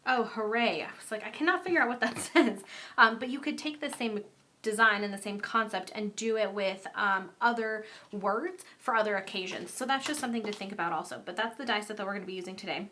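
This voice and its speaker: A woman's voice: medium pitch, a little fast, pushed and bright, a little hiss or hum. A young woman chatting casually and upbeat through a card-making tutorial, with frequent ums.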